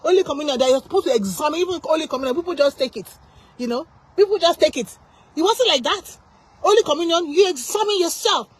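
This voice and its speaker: A woman's voice: sits high, animated, quick pace. A woman preaching an informal sermon, impassioned and full of repeated rhetorical questions.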